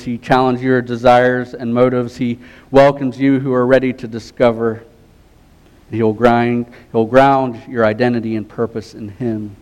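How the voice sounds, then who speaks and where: A middle-aged male pastor delivering a sermon with earnest conviction. His voice sits at an ordinary pitch and often sinks into a quiet, tender hush to stress a point. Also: poor audio. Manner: earnest preaching, drops to a soft hush on key phrases.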